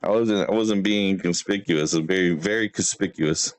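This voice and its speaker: A man's voice: low-pitched, moderate pace. A man hosting a livestream, talking casually and brashly to chat, trash-talking a rival and laughing often. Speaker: livestream host.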